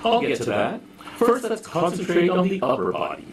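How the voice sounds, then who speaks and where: A man's voice: high voice, wildly swooping pitch, normal speed, gravelly, a little hiss or hum, heavily acted. A man playing a fussy fitness instructor who gives instructions. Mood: instructing. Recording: echoey distant recording with loud crowd.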